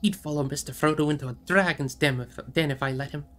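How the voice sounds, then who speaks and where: A man's voice: a little high, fast, a bit bright, faint music behind, voice pushed up, natural voice. A man voicing a stubborn, loyal young male hobbit servant in an audiobook reading, pleading and indignant. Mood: protesting.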